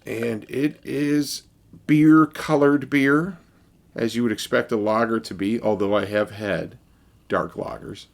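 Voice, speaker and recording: A man's voice: mid-range voice, fairly even intonation, slow, creaky. A man casually reviewing a beer for his vlog, rambling and wry, with many fillers and restarts.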